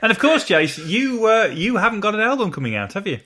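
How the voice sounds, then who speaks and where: A man's voice: high-pitched, sing-song, brisk, sharp tone. A man hosting a podcast in a casual chat, hesitant and stumbling over his words. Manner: hesitant, stumbling, lots of fillers. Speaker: podcast host.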